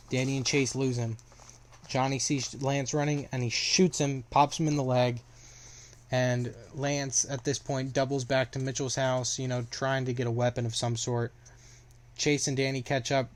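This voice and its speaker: Young guy rambling through a story recap, flat voice, lots of ums and restarts. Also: mid-range voice. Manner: rambling, filler-heavy retelling with restarts.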